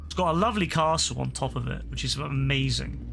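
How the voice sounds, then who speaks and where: While streaming a game, a man rambles and swears freely in casual chat, his mid-range voice a little fast with vocal fry and a fairly bright tone. Slight background noise is audible.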